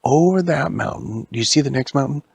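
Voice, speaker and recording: Man playing bossy young hero, brisk orders, raspy. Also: mid-range voice, dry recording, voice pushed up. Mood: calming.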